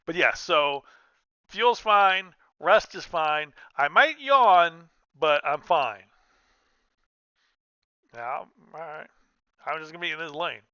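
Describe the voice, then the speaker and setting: A man chatting his way through a trucking game in a bright, ringing, smooth voice that sits a little high. He rambles, restarts his sentences and drifts between thoughts. The recording is dry and a bit dull, made at a home desk mic. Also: takes it slowly, pauses often, no echo. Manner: rambling, self-interrupting, chatty. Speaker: gaming streamer. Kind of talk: casual gameplay commentary.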